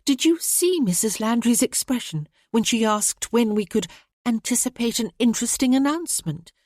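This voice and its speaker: A woman voicing a gentle, anxious young gentlewoman who talks earnestly. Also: on the high side, lively intonation, moderate pace, no room sound, studio quality, voice pushed up.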